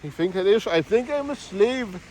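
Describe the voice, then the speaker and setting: A man's voice: high-pitched, lively intonation, moderate pace, darkish tone. A man voicing a grumbling, unpaid male cake cook from Newcastle in a put-on Newcastle accent.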